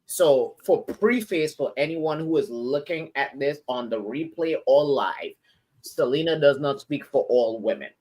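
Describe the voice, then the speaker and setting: A man's voice: on the high side, lively intonation, unhurried, a little mellow. Emphatic man leading panel questions. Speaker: co-host. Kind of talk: casual panel chat.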